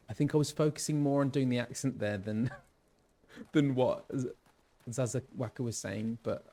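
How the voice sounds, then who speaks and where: A man's voice: medium pitch, gravelly, mellow. A voice actor chats casually while he plays a game. He talks easily and fills his speech with ums and likes. His voice sits in an ordinary middle male range. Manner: chatty, full of fillers. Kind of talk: casual game stream chat.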